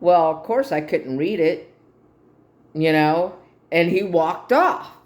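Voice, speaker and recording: A woman's voice: fairly low pitch, lively intonation, slow pace, a little mellow. A middle-aged woman earnestly telling a personal story and acting out the dialogue as she retells it. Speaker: guest telling her life story. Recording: roomy echo.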